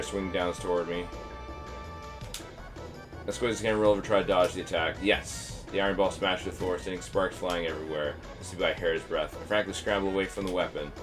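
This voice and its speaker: Deep-voiced man reading a game aloud. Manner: stumbling, with offhand asides. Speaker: streamer. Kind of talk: reading a text adventure aloud.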